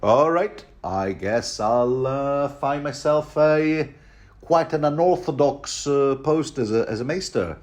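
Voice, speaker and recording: A man voicing a creepy, soft-spoken older male healer with an oily, insinuating manner. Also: medium pitch, takes it slowly, pitched above the performer's own voice, lightly acted. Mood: scheming.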